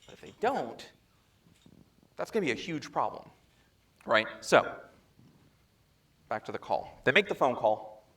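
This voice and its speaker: A man presenting at a security chapter meeting, telling a story in a lively way and acting out the dialogue, speaking into a handheld microphone. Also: medium pitch, measured pace, pauses often. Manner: animated storyteller who acts out quoted dialogue. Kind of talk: conference talk, storytelling. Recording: echoey room, faint background noise.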